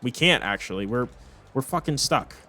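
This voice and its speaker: A man's voice: medium pitch, lively intonation, normal speed, sharp tone, faint music behind. A young man commentating his own football video game, exasperated and swearing as he rambles through complaints. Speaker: gaming commentator. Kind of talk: frustrated gameplay commentary.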